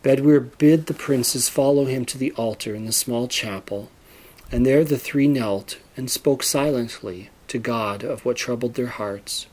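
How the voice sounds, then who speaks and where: A man narrating a storybook in a steady, measured reading voice. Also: medium pitch.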